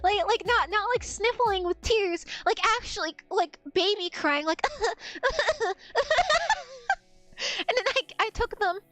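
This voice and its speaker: A young adult woman telling a story on a livestream in a casual, animated way, swearing and laughing as she talks. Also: very high voice, normal speed, soft background music. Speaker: streamer.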